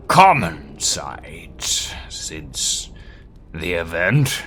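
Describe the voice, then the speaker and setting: A man's voice: sits low, pushed and bright, husky, heavily acted. A man voicing an elderly, guarded grandfather who heads his family, speaking in a formal, old-fashioned way with a put-on accent.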